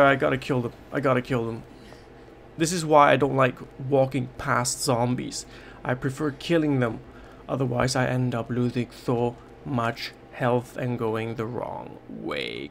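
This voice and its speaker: A man's voice: medium pitch, creaky, a bit bright, a little hiss or hum. A man giving jittery, swear-filled commentary while playing a horror game, repeating himself when scared. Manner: panicky, swearing, repeating himself under stress. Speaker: gaming YouTuber.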